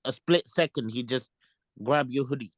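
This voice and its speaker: A man's voice: medium pitch, moderate pace, no room sound. Challenging man spinning a hypothetical. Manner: challenging, lays out hypotheticals in street slang. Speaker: podcast co-host. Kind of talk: casual group chat.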